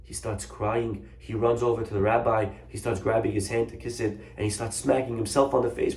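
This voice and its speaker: A man, a rabbi, telling a story in a Torah lesson, animated and acting out the characters. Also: lowish voice, brisk, hardly any pauses. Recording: echoey room.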